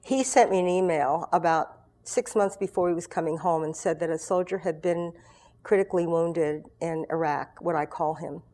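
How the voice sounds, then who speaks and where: A woman's voice: lowish voice, normal speed, warm tone. A woman in her sixties telling her story as an interview guest, chatty and rambling, with many fillers and restarts. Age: 60s. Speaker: guest, founder of a soldier support group.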